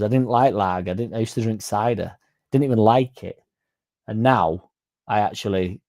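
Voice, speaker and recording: Young Yorkshire man, chatty fan host, laddish and crude, warm low tone. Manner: sweary, laddish and jokey. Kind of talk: casual chat.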